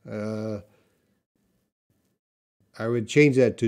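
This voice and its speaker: A man teaching English on a live stream, reading out viewers' questions from the chat and answering them in a relaxed way, thinking aloud with many fillers. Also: on the low side, a little slow, long pauses.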